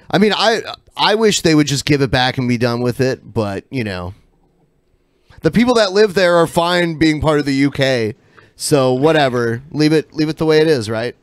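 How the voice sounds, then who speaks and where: A man's voice: on the high side, lively intonation, moderate pace, dry recording, studio quality. A man co-hosting a podcast, talking in a loose, offhand way and swearing freely. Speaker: podcast co-host. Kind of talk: casual chat.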